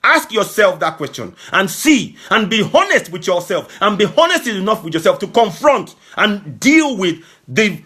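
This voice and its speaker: A man giving an impassioned political address to his audience, fervent and repetitive, sometimes shouting. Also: sits high, slightly rough. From Nigeria. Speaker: political broadcaster.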